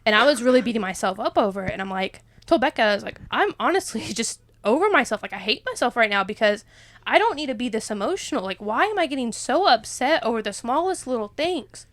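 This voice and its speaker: A woman's voice: a little high, very animated, fast talker, fairly bright tone, no room sound. A young woman, rambling and emotional as she opens up in a casual faith chat, laughing often. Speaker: podcast co-host.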